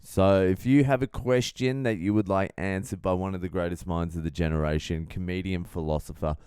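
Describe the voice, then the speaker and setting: A man's voice: sits low, fairly even intonation, fairly quick, warm tone, smooth, no room sound, clean studio sound. Blunt, profane male comedian. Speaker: podcast host, comedian. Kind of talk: casual storytelling monologue.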